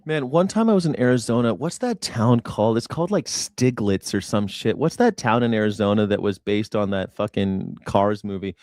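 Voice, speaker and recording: A man's voice: on the low side, animated, normal speed, few pauses, darkish tone, no room sound, clean studio sound. Rambling, profane man hosting a show. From United States. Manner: profane, rambling, laughs often. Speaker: host. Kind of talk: casual rambling commentary.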